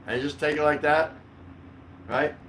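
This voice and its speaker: Recorded on a distant mic with faint room noise, this middle-aged vlogger chats casually on a livestream from his couch at home. His voice is fairly high and steady, at normal speed. He rambles along with plenty of fillers and frequent laughter.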